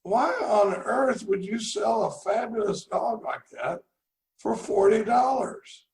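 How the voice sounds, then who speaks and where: Man playing an astonished eager guy, gravelly, pitched up, echoey. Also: very animated, normal speed, heavily acted. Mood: amazed. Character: amazed male passer-by, excitable.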